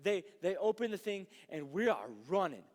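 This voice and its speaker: A man, a youth pastor, telling a story in a sermon, animated and rambling, with asides like "right?". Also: high-pitched, moderate pace. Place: church youth service hall. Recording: long reverb of a large hall.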